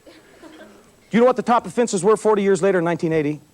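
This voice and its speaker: A man with a notably high voice talks plainly and emphatically to a school audience. He is folksy and frank, and he repeats key phrases to drive his points home. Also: racing, a little mellow. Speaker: motivational speaker to students. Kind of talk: school assembly talk.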